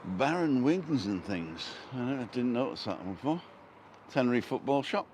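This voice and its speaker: A man with an English accent strolls down a street, pointing out shops and throwing in wry jokes. He speaks at a medium pitch. Faint passing traffic sits behind his voice. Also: lively intonation, moderate pace, a little mellow. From England. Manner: chatty, jokey, chuckles at his own quips. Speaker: vlogger. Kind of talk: casual walking tour commentary. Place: outdoors on a street.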